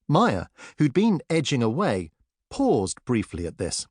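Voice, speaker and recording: Expressive male audiobook narrator. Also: medium pitch, unhurried, husky, no room sound, clean studio sound. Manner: expressive storytelling. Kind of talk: scripted narration.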